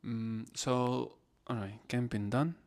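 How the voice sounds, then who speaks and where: Slow, rambling male podcast host. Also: medium pitch, steady tone, a little mellow, clear, resonant tone. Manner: unhurried, rambling, in non-native English phrasing. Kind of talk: casual solo podcast chat.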